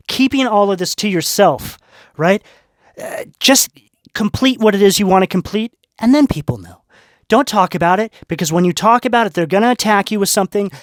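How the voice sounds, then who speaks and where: This tarot reader is a man whose voice sits high, captured with clean studio sound and no echo. He delivers a reading to viewers in an earnest, spiritual tone, often checking in with "right?" and "okay?".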